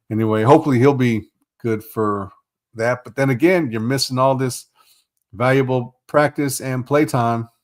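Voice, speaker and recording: A man hosting a casual sports podcast, rambling and swearing as he rants in exasperation. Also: mid-range voice. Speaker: podcast host.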